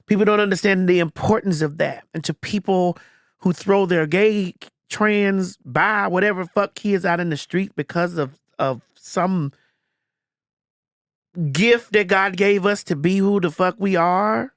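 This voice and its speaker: A podcast host talks in an unhurried casual chat, her voice captured dry and clean in a studio. She's blunt and emphatic and swears freely, though when comforting she turns low and earnest.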